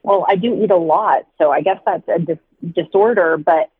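A woman's voice: on the low side, normal speed, slightly rough, dry recording. A woman calling in by phone, chatting casually and hesitantly with frequent ums. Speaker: phone caller. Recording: tinny phone line.

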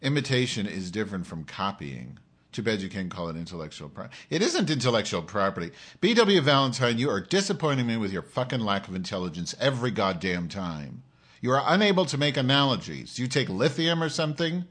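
A male live-streamer rants at his chat, swearing freely and cutting in with sarcasm. His pitch swings widely, from low grumbles to high, mocking outbursts. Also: big pitch swings, fairly quick, a bit bright, slightly rough. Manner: profane, sarcastic, combative with viewers.

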